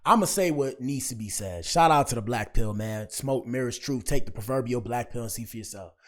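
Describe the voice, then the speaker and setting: A young man riffs on a video for his viewers in slang-heavy, preachy commentary. His voice sits at an ordinary pitch, and he keeps turning to the audience to make his point. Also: brisk. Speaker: commentary streamer. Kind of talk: casual reaction commentary.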